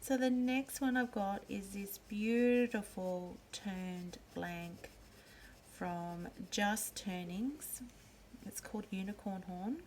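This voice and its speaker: A woman walks through her pen collection at an unhurried pace, naming each one gently. Her voice sits at an ordinary middle pitch. Faint room noise stays in the background. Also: steady tone. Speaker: pen and ink channel host. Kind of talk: slow show-and-tell narration.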